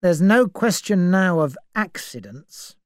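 A woman reading an audiobook, voicing a calm, sardonic man who speaks in a measured way. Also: fairly low pitch, no echo, studio quality, voice pushed up. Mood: cool. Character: calm, wry adult man.

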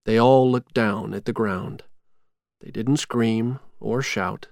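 A man reading a storybook chapter aloud in a slow, measured, clear way. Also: fairly low pitch, fairly even intonation, a little mellow, no room sound, studio quality. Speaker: narrator.

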